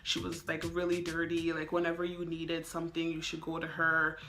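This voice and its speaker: A woman's voice: deep voice, monotone, a little fast, sharp tone. A young woman telling a casual storytime, chatty and full of "like" and "um.". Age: young adult. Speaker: vlogger.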